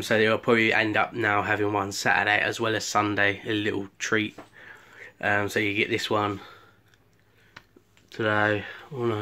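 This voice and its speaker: A man's voice: medium pitch, pushed and bright. A man chatting casually through a home cooking vlog, with lots of ums and restarts. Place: home kitchen.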